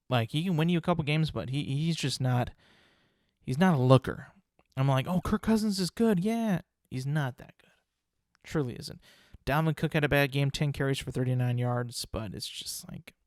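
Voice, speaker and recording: A man hosts his own casual podcast in a mid-range voice, talking about the weekend's games. He rambles and repeats himself, with plenty of fillers and strong opinions. The sound is dry and close, with no room echo. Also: mid-range voice. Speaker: podcast host. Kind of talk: casual sports chat.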